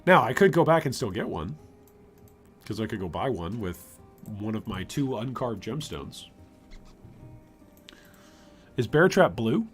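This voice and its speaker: A male game streamer giving live gameplay commentary, chatty and responsive to chat. His mid-pitched voice moves in a lively, animated way, with faint game music underneath. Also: normal speed.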